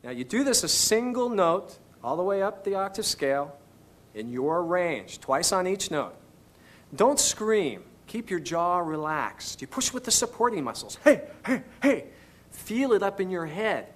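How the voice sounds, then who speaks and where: A man's voice: sits high, very animated, measured pace, fairly bright tone. A man teaching singing on an instructional video, patiently coaching each step. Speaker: vocal instructor.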